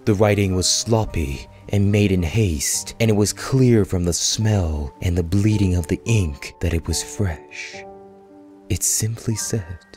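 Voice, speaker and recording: A man reading a scripted horror story aloud as narrator, in a slow, measured, hushed storytelling manner. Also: deep voice, soft background music.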